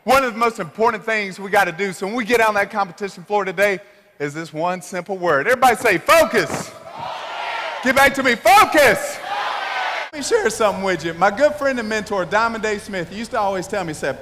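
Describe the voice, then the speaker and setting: A man with a Southern country accent giving an energetic motivational keynote, shouting and leading the crowd in call-and-response. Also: high voice, brisk. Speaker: motivational speaker. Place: large hall. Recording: echoey large hall with faint room noise.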